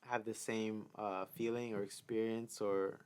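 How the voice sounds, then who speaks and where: A young male footwear designer co-hosting a casual podcast, easygoing and quick to chime in. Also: lowish voice, level tone, a little mellow, smooth. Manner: easygoing, chimes in with short agreements. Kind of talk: casual chat.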